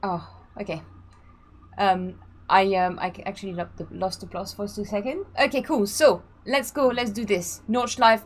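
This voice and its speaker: A woman's voice: medium pitch, steady tone, normal speed. A woman hosting a casual live stream, chatting freely, laughing and reading out the chat. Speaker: streamer and sim racing host.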